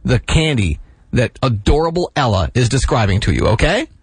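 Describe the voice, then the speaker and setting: A man hosting a morning radio show, jokey and quick in his patter. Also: medium pitch, big pitch swings, slightly rough, dry recording. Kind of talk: upbeat radio banter.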